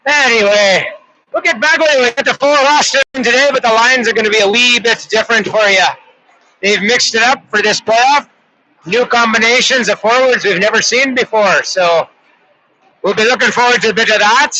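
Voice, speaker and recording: High, sharp-toned man in mock Irish brogue. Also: normal speed, rough recording. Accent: put-on Irish. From Canada. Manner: playful, chatty, rambling asides. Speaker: hockey play-by-play announcer. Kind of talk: joking live game commentary.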